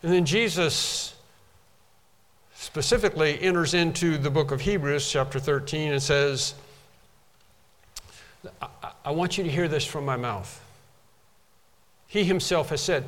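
A man's voice: on the high side, a little slow, pauses often, fairly bright tone, in a large hall. A man preaching a sermon, emphatic and repeating phrases to drive them home.

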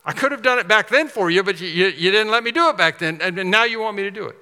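Man doing a reluctant whiny man, high strained pleading voice, loud, long hall echo. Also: quick pace, clean tone. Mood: whining. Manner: pleading, exasperated, raised voice. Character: reluctant, whining man protesting he is unfit.

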